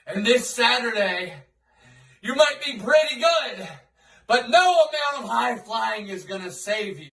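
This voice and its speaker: A man cutting a menacing, boastful wrestling promo with dark theatrical flourishes. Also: very high-pitched, expressive, unhurried, vocal fry. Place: outdoors in a foggy spot. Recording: echoey, voice set far from the mic.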